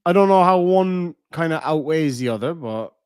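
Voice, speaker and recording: A man's voice: on the high side, animated, moderate pace, clear, resonant tone, dry recording, clean studio sound. An Irishman with a Cork accent, chatting casually on a livestream and reading out viewers' messages, swearing freely as he talks. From Ireland. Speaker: livestream host.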